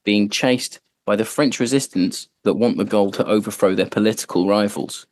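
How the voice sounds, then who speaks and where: A man's voice: on the low side, moderate pace. Chatty male podcast host. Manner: chatty, joking, lots of fillers. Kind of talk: casual chat.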